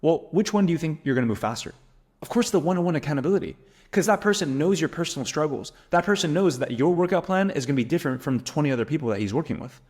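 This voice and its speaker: A man in his twenties giving an emphatic, energetic motivational business lesson to camera, full of rhetorical questions. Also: on the high side, fast talker, breathy edge. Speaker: business coach.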